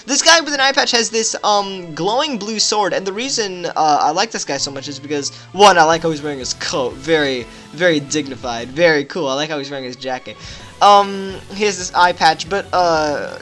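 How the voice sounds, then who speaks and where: Excitable young man breaking down a game trailer. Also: on the high side, normal speed. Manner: excitable, rambling, lots of fillers. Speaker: gaming video host. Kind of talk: casual game trailer analysis. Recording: faint background music.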